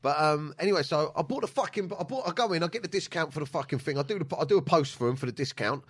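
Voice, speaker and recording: A fast-talking man tells stories on a podcast, rattling through them at speed. He swears freely and slips into quick voices for the people he quotes. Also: on the high side, lively intonation, slightly rough. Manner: swears a lot, acts out quotes in funny voices. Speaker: podcast host. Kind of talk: casual chat, storytelling.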